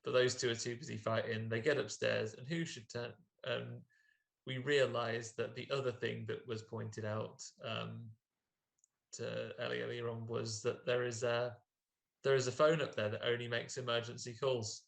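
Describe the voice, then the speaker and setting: Gravelly-voiced man recapping a film. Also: mid-range voice, flat delivery, moderate pace. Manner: jokey, acts out characters in put-on voices. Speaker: podcast co-host. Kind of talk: casual film recap chat.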